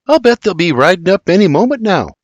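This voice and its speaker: A man's voice: sits high, big pitch swings, fast, no echo, dull audio, pitched above the performer's own voice. A man voicing a sarcastic young son with a whiny, mocking brogue, in an audiobook. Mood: cheeky.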